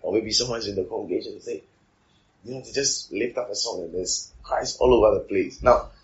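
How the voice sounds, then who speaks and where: A man's voice: lowish voice, fairly quick, lo-fi sound. A man preaching a sermon, repeating his phrases and putting rhetorical questions to the congregation.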